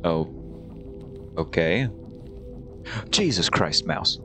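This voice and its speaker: Gaming channel host, man, sarcastic and casual, low voice, faint music underneath. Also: big pitch swings, very slow. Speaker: let's play gamer. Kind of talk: gameplay commentary.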